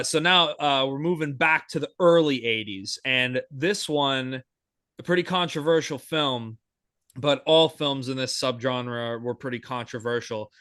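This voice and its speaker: A young podcast co-host with a medium-pitched, fairly bright voice chats in a casual, enthusiastic way, rambling and full of fillers and restarts. The sound is clean studio audio with no echo.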